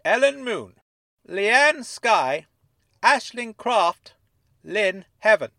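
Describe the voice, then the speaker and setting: A man doing a squeaky, eager guy. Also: expressive, a little fast, creaky, no echo, studio quality, exaggerated voice. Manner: high, loud and pressing.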